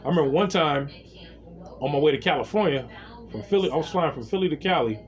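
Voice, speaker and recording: Animated man telling a story to camera. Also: a little high, fast talker. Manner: animated storytelling, swearing freely; talks straight to viewers as "y'all". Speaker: vlogger. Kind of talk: casual monologue to camera.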